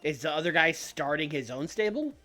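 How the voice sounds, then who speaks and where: A man's voice: fairly high pitch, lively intonation, a little fast, sharp tone, soft background music. A young adult man streaming, chatting playfully about a wrestling booking game. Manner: playful, storytelling. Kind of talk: casual game commentary.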